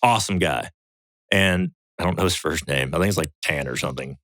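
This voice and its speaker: A man with an extremely low-pitched voice talks a little fast in a dry recording. As a podcast guest and survival show veteran, he tells a story in casual chat with free swearing. Animated, he acts out other people's quotes in raised voices.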